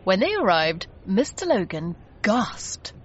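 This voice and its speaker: Slow, lively woman reading a storybook. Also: a little high, lo-fi sound, a little hiss or hum. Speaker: narrator. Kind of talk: storybook read-aloud.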